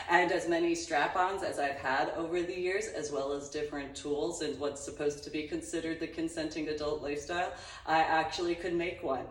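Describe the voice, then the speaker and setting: A middle-aged woman hosts her own YouTube channel, speaking at normal speed in a low, steady voice. Her rambling personal monologue is sardonic, broken up by frequent laughter, and the distant mic gives a roomy echo.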